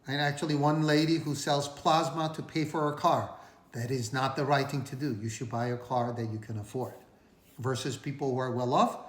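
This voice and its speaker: A man casually talking to camera, giving personal finance advice in an earnest, conversational way with emphatic repetitions. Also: mid-range voice. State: recovering from illness. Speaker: finance vlogger. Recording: roomy echo.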